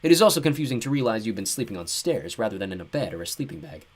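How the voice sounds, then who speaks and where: A man narrating an audiobook with expressive storytelling and wry asides. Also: mid-range voice, very fast, husky. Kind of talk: scripted narration.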